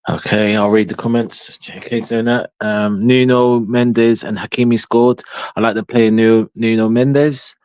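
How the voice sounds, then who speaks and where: A man's voice: lowish voice, fairly even intonation, unhurried, a little mellow, smooth, no echo. Male co-host reading comments; blunt, mocking, dry close-miked sound. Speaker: co-host of a fan livestream. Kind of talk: casual chat, reading viewer comments.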